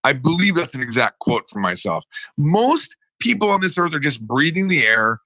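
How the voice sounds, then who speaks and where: Casting note: lively, bright-voiced male podcast co-host, dry close mic, restarts often. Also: on the high side, no echo, low-quality recording. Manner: animated, halting with restarts and frequent laughs. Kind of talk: casual podcast conversation.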